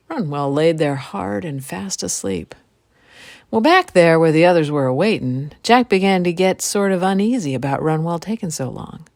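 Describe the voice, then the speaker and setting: A woman storyteller and podcast host telling an old folk tale in a relaxed, folksy way. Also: lowish voice, no room sound, clean studio sound.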